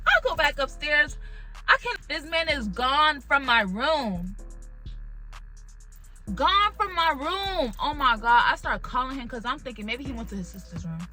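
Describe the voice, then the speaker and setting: A young adult woman vlogger excitedly telling a personal story in casual chat, swearing now and then. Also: sits high, rough recording. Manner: animated, emotional retelling with swearing.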